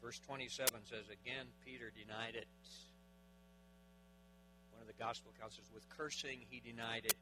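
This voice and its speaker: A man preaching a sermon, dramatic, with big swings in loudness, asking his listeners questions. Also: medium pitch, steady tone, normal speed, very noisy.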